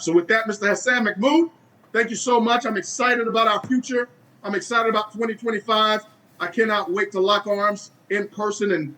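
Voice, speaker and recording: A man's voice: high-pitched, a bit bright, low-quality recording. A man speaking as a company executive, giving a preachy, repetitive motivational speech on a webinar call.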